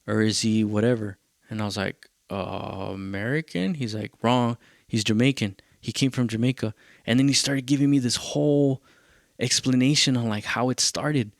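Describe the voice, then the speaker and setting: Man, podcast host, gravelly voice, dry close sound, casual rambling storytelling, swears a lot. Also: on the low side, moderate pace, no echo. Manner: rambling, profane, quotes people in his story.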